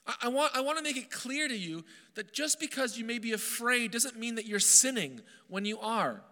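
Man preaching, high voice, very bright tone, earnest and emphatic, reverberant hall. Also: animated. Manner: earnest, emphatic, with frequent restarts and slowed stressed phrases. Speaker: pastor. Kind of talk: sermon.

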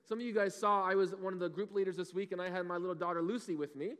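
A man in his thirties giving a lively children's sermon, often asking the kids questions. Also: high-pitched, quick pace. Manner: animated, asks the kids questions. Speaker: children's pastor. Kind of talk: kids' sermon. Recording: long hall reverb.

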